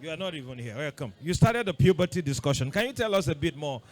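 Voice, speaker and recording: A man leading an interactive talk with a group of boys, playfully quizzing them with quick questions. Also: a little high, animated. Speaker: workshop leader talking to boys.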